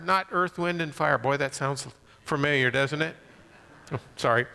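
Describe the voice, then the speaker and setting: A man preaching a sermon, swinging from loud emphasis to soft near-whispers. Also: on the high side, lively intonation, measured pace, long reverb tail. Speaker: pastor.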